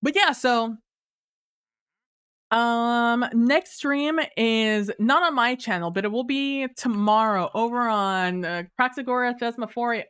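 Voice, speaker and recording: A woman hosting a live stream speaks in an unhurried, clear voice, reading out viewer messages. She laughs often, apologizes, and trails into fillers and restarts. She talks from her home computer desk into a streaming mic. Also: on the high side, a bit bright. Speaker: livestreamer.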